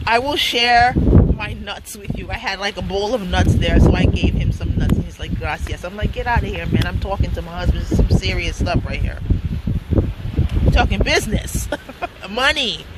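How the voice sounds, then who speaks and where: A woman's voice: fairly low pitch, fairly quick, heavy background noise. A woman telling a story in a casual vlog, chatty and slangy, laughing often. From United States. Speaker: vlogger.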